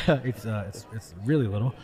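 A man's voice: lowish voice, moderate pace, a little mellow. A man co-hosting a podcast, chatting playfully and laughing often while at a fan convention. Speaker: podcast co-host. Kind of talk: casual chat at a fan convention.

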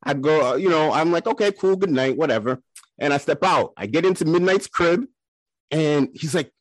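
A man with a fairly high voice tells embarrassing stories on a podcast with friends. He is loose, chatty and animated, and laughs and jumps into little voices as he goes. The sound is close and dry. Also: normal speed, dry recording. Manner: animated, laughing storyteller who acts out quotes. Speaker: podcast co-host. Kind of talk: casual podcast storytelling.

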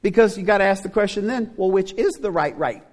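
In a church sanctuary, a middle-aged man who pastors there delivers a conversational sermon fairly quickly, asking the congregation rhetorical questions. His voice sits high and is a little mellow, with the long reverb of a church hall behind it.

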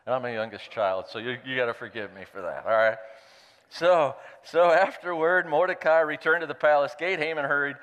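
A man preaching with a smooth, resonant voice, reading scripture and breaking off into playful, animated asides. His words hang in a long reverb from a church hall. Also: a little high, fairly quick. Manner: playful, animated storyteller who jokes aside. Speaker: pastor.

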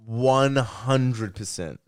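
A man co-hosting a podcast in casual chat, animated and swearing freely, acting out scenes in put-on voices. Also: medium pitch, very slow. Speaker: podcast co-host.

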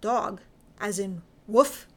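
An earnest gentleman investigator from a period audiobook tale, questioning in a flustered, earnest way. A woman reads him out in her own voice, barely changed. He sounds like a man who keeps asking for the plain facts. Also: mid-range voice, takes it slowly. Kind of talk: fan fiction audiobook reading.

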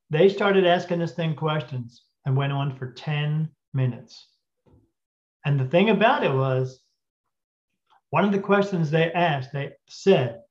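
A man telling a story casually as a podcast guest, acting out the dialogue and often clearing his throat. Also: a little high, normal speed. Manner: animated retelling with quoted dialogue. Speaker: guest spirit medium. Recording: dull lo-fi audio.

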